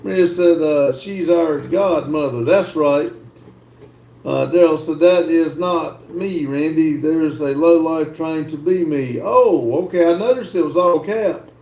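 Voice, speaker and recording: A man hosting a livestream, reading viewer comments aloud and answering them in a slow, drawling way. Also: on the high side, a little mellow. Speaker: livestream host reading chat. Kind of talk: casual chat. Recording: echoey room.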